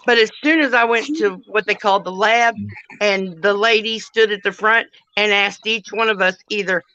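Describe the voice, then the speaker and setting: Woman host in her fifties, bright forceful tone, rambling blunt chat, dull lo-fi stream audio. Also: medium pitch, normal speed, dry recording. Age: 50s. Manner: rambling, blunt, swears casually. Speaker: livestream host. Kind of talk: casual chat.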